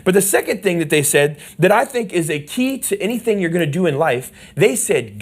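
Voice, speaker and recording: A man's voice: high voice, big pitch swings, brisk, hardly any pauses, slightly rough. A man preaching a sermon as pastor, passionate and emphatic, leading the congregation to repeat lines back. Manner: passionate preaching, leads call-and-response; swings from hushed asides to loud emphatic lines. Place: church sanctuary.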